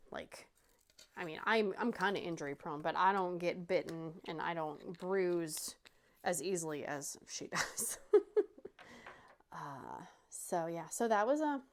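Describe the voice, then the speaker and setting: A woman's voice: measured pace, slight background noise. A woman, a parent and host of a crafting channel, chatting casually as she tells a family story while she works, acting out the quotes of the people in it. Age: adult parent. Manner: animated retelling, acting out quotes with pitch jumps.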